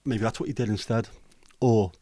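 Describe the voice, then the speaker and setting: Mellow low-voiced Liverpool man. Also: fairly even intonation, normal speed, dry recording. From Liverpool, England. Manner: rambling, hesitant with many ums, mildly sweary banter. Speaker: livestream host. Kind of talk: casual chat answering viewer comments.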